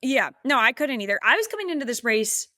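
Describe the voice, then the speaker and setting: A woman's voice: high-pitched, sing-song, quick pace, pushed and bright. A woman co-hosting a podcast in casual chat, swearing freely, laughing often and steering the questions. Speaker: podcast co-host.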